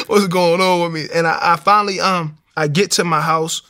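Gravelly man telling his story. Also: fairly high pitch, measured pace. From Baltimore, USA. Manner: animated street storytelling, acts out the voices. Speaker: speaker giving a testimony. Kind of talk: personal testimony storytelling.

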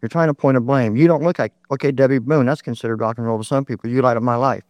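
A man's voice: medium pitch, fast, a little mellow, no echo, highs cut off. Impassioned man in his thirties arguing. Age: 30s. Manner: impassioned, argumentative, repeats points. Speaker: audience member. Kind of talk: heated public debate comment.

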